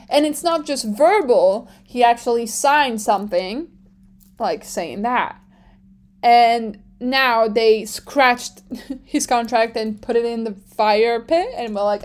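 A woman from France with a French accent, chatting casually as a podcast host, animated and full of fillers. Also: on the high side, slow. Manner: chatty and animated, many fillers, laughs often. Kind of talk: casual chat.

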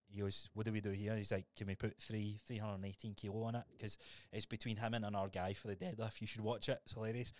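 A man's voice: fairly low pitch, no room sound. Scottish man telling a story, dry sound. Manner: lively storyteller, swears freely. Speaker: podcast co-host. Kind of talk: casual chat.

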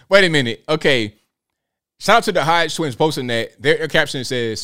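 A man's voice: medium pitch, fairly bright tone, clear, resonant tone. A man hosting a live show, reacting to clips with slangy jokes and frequent laughter. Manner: joking, slangy, laughs often. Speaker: host.

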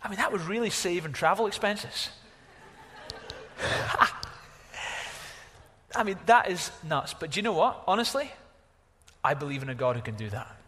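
A man preaching a sermon as pastor, animated, exclaiming at times and dropping to a hush at others. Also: sits high, normal speed, long pauses, in a large hall. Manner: animated, exclaiming, varies from loud to hushed.

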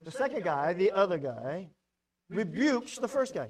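A male pastor delivering a sermon in an emphatic, animated way. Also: high-pitched, moderate pace, rough recording.

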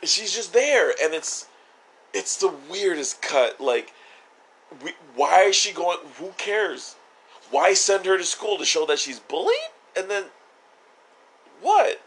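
A man's voice: high-pitched, expressive, measured pace, fairly bright tone, a little hiss or hum, low-quality recording. A man co-hosting a podcast in casual chat, joking and rambling with lots of fillers. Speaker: podcast co-host.

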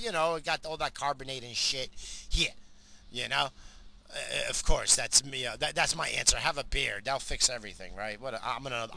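Profane, rambling middle-aged man with a sharp, bright voice. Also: mid-range voice, vocal fry. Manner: profane, rambling, laughing at his own story. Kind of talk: casual storytelling monologue.

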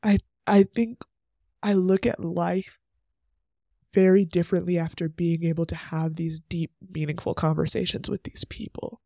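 Earnest young man with a gravelly edge. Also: sits high, flat delivery, normal speed, dark tone, no echo, clean studio sound. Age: 20s. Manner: earnest, emotional, chatty with many "like" asides. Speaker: podcast host. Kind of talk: faith podcast monologue.

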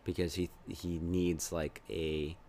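Very low-voiced man rambling casually. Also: level tone, takes it slowly, warm tone, a little hiss or hum. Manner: rambling, chuckling, trails off mid-sentence. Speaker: podcast host. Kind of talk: casual movie review chat.

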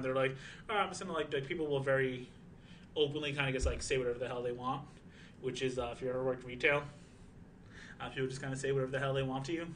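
A man's voice: medium pitch, a bit bright. Young man, streamer, casual rambling chat, swears a lot, faint hiss behind. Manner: rambling, profane, lots of fillers.

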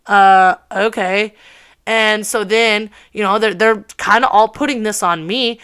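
A woman in her early twenties telling a personal story in a casual, animated way, full of swearing and filler words. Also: mid-range voice, unhurried, clear, resonant tone. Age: early 20s.

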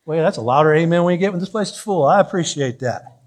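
A man's voice: fairly high pitch, animated, quick pace. A middle-aged man preaching a sermon as pastor in a church, chatty, with joking asides and frequent restarts. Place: church sanctuary.

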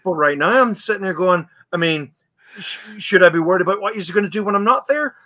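A young man in casual chat, telling a story with animated asides and acting out what he said back then. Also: high-pitched, quick pace, no echo. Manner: animated storyteller, acts out his own past lines. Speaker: podcast guest.

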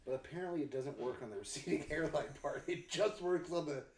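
A man's voice: fairly high pitch, fairly quick, vocal fry, darkish tone, roomy sound. A man co-hosting a casual podcast chat, teasing his friends and swearing freely. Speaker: podcast co-host.

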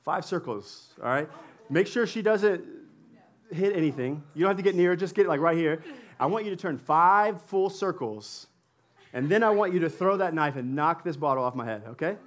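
A man with a fairly high voice preaches a sermon in a church. He sounds relaxed and playful, chatting with the congregation and laughing as he goes. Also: moderate pace. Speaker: pastor. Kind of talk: sermon with audience interaction.

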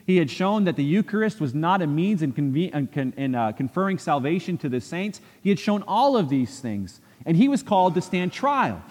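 A man's voice: fairly high pitch, big pitch swings, moderate pace, hardly any pauses, darkish tone, big-room sound. A man preaching a sermon from a church pulpit, earnest, repeating phrases for emphasis and acting out quoted speech. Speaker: pastor. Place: church sanctuary.

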